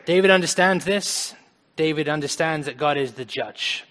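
A man preaching a conversational sermon, earnest, swinging between loud emphasis and quiet asides. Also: fairly high pitch, moderate pace. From United States. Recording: long hall reverb.

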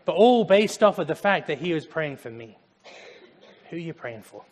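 A young man delivers an animated sermon, chuckling often between lines. His voice sits a little on the high side. The sound carries the long reverb of a church sanctuary. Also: normal speed. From Germany. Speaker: preacher.

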